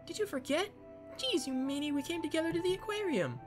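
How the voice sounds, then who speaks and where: A playful little sister from a game, her high sing-song voice teasing and bright, as a man puts her on in falsetto. Her pitch leaps about with lively swings. Faint music plays underneath. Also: brisk. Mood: teasing, cheerful.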